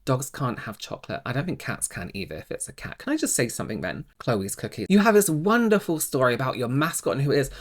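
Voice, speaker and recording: Animated male reaction host. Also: medium pitch. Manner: animated, blunt, swears freely. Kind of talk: casual reaction commentary.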